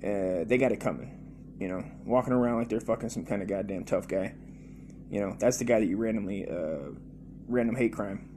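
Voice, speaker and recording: A man's voice: fairly low pitch, a little fast, noisy background. A man hosting a comedy podcast, rambling through a profane monologue full of fillers and restarts.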